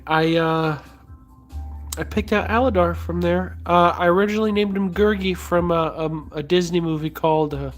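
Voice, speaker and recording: A vlogger chatting casually while sculpting, rambling and joking with lots of fillers. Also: medium pitch. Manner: rambling and jokey, many fillers.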